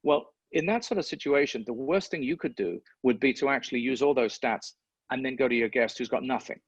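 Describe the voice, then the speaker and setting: A man's voice: medium pitch, a little fast, slightly rough, no room sound. A man, a sports broadcaster, talking reflectively in an interview and often repeating words as he thinks. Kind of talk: interview conversation. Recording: dull lo-fi sound.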